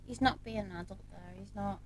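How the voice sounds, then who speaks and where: A woman's voice: mid-range voice, brisk, rough recording. A woman from Liverpool with a Scouse accent, chatting casually beside her husband with amused asides. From Liverpool, England. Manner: laid-back, amused asides. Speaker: co-host, host's wife. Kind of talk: casual chat.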